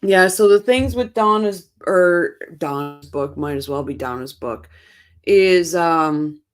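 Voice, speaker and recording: A low-voiced woman host, expressive and smooth, speaks at a slow pace. She runs a true crime channel and chats casually with her live-stream audience about their comments, short on sleep, opinionated, and prone to rambling and restarts.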